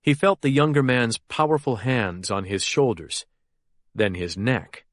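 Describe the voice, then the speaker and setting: A man narrating a thriller audiobook in a steady, even storytelling manner. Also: medium pitch, a little slow, no echo, clean studio sound. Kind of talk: scripted narration.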